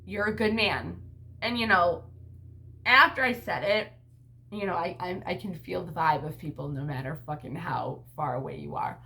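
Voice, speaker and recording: A woman's voice: lowish voice, normal speed, creaky, pushed and bright. A woman talking to her camera in a casual vlog, rambling bluntly with frequent swearing and lots of "like" and "you know.". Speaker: vlogger and mother.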